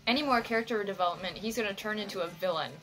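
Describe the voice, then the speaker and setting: A woman hosting an anime reaction, talking back to the screen in an expressive way and swearing freely. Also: mid-range voice, racing, soft background music. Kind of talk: reaction commentary.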